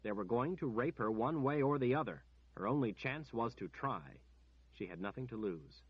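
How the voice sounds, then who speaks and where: Husky male audiobook narrator. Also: medium pitch, animated, normal speed, no room sound, muffled recording.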